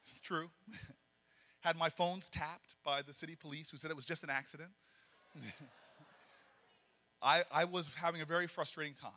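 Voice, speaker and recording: A man giving a storytelling speech at a banquet, acting out the dialogue with lively energy. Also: a little high, moderate pace, pauses often. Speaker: political speaker. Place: large banquet hall. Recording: reverberant hall.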